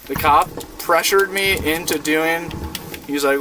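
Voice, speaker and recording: A man's voice: fairly high pitch, slow pace, bright, forceful tone, slight background noise. A man in his twenties from Iowa, telling a rambling, profane story in casual chat while streaming a game. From Iowa, USA. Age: 20s. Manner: laid-back, profane, rambling with lots of fillers. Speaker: gaming streamer. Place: inside a van.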